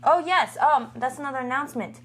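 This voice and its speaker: A young adult woman co-hosting a podcast in casual chat, giving blunt opinions with quick asides and giggles. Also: high-pitched, fairly bright tone. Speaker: podcast co-host.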